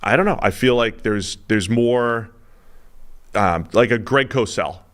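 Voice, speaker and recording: A man co-hosting a casual sports podcast, chatty and lively, quick to laugh. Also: mid-range voice. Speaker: analyst co-host.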